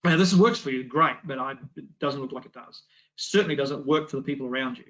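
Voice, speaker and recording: Male Sunday school teacher, mid-pitched, conversational and full of restarts; dull lo-fi recording. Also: quick pace, fairly bright tone. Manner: conversational, many restarts and rhetorical questions. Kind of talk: Bible class teaching.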